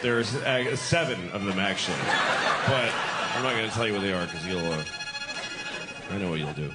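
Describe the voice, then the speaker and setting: A man's voice: on the low side, moderate pace, pauses often. A man doing a live stand-up routine on a club stage, blunt, profane and sarcastic as he works the crowd. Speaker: stand-up comedian. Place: comedy club stage with audience. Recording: noisy live room with crowd.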